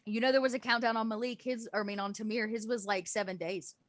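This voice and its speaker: A woman's voice: a little high, fairly even intonation, quick pace. A woman running a tabletop game as game master, explaining rules and scenes casually with lots of fillers.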